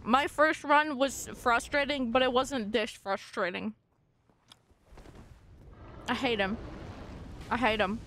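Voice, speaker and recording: A woman streaming a video game live, giving casual commentary in an excitable way, swearing often and erupting in frustrated outbursts. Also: a little high, a little hiss or hum.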